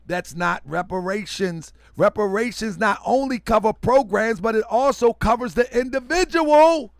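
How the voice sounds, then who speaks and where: A man with an unusually high, gravelly voice speaks. He hosts a livestream and talks to his viewers loudly and restlessly, repeating himself for emphasis. The sound is dry and close. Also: moderate pace, hardly any pauses, no echo. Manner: loud, rambunctious, repeats himself a lot; preachy, calls listeners family. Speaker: online show host. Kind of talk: livestream commentary talking to viewers.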